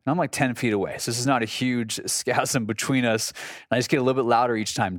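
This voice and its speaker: A man's voice: medium pitch, fairly even intonation, fast talker, no room sound, studio quality. Earnest man hosting a faith podcast. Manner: earnest and conversational, with frequent restarts. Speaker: podcast host. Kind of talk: reflective devotional talk.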